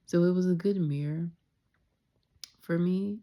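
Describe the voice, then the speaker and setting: A young woman talking candidly in a reflective personal vlog, soft-spoken and sometimes dropping into a whisper. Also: lowish voice, a little slow, highs cut off. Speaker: vlogger.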